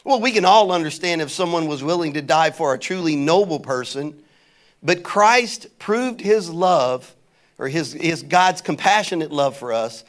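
Male pastor, high voice, animated sermon with call-and-response and casual anecdotes. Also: measured pace. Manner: conversational storytelling.

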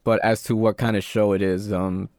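A young man chatting casually on a podcast, retelling stories in an animated way with lots of fillers. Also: on the low side, moderate pace, no echo, clean studio sound. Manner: animated retelling with quoted voices, many fillers. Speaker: podcast co-host. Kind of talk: casual chat.

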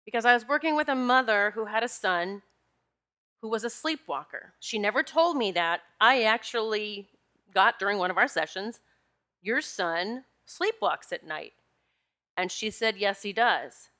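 A woman with a bright, forceful voice tells a personal story in a relaxed monologue. She sounds animated and confiding and speaks straight to her listeners. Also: medium pitch, normal speed. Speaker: spiritual energy practitioner.

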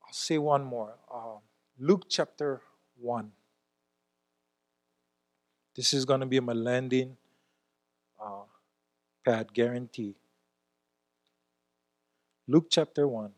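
A man preaching a sermon as a church elder, talking emphatically and swinging between loud exclamations and quiet asides. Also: mid-range voice, slow, pauses often.

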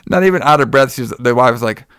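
A man's voice: medium pitch, expressive, rapid-fire, fairly bright tone, clear, resonant tone, no echo, studio quality. A man chatting casually as a podcast co-host, recapping a movie in a rambling, profane way and acting out the characters' lines. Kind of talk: casual chat.

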